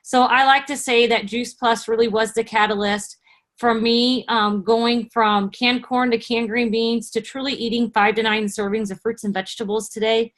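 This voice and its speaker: A woman's voice: a little high, fairly even intonation, normal speed, fairly bright tone. A woman in her forties telling her personal story on a video call, in an earnest, conversational way. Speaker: guest speaker.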